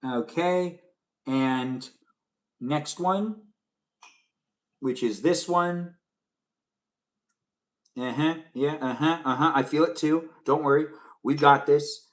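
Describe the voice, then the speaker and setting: A young man chatting casually on a live stream as he makes pudding in his kitchen, rambling and answering his viewers' comments out loud. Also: fairly high pitch, slow, pauses often, recorded from a distance. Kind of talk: casual live-stream chat while cooking. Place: home kitchen.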